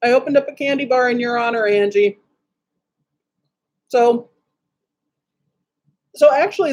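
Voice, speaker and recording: A woman's voice: fairly high pitch, a little slow, pauses often, a little mellow. A woman from Wisconsin chatting casually on a livestream, greeting viewers by name and making snarky asides.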